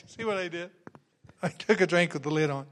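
Reading scripture verse by verse at a normal speed, a man with a voice that sits high delivers a sermon. He alternates between soft, conversational remarks and loud bursts of exuberance.

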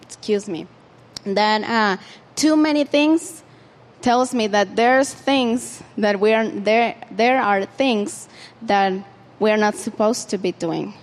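A woman's voice: mid-range voice, slow pace, in a large hall. A woman preaching an informal sermon in a conversational way, with frequent fillers and restarts.

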